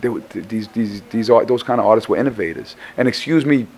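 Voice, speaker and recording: Hoarse, tired man stammering through profane talk. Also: lowish voice, fast talker, a little mellow. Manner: profane, rambling, stammering restarts. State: tired and hoarse after a show. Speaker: rapper guest. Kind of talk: casual interview chat.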